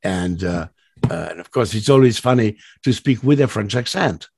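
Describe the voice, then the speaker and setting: Give me an animated man spinning rambling anecdotes, dry close sound. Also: fairly low pitch, normal speed, creaky, breathy edge, dry recording. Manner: rambling, many fillers and restarts; animated, laughs at his own stories. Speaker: voice actor guest. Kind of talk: storytelling interview anecdotes.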